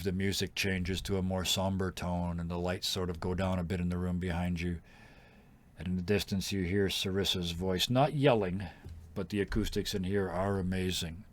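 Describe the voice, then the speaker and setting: A man narrating as game master, relaxed and rambling, with fillers and laughter. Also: low-pitched.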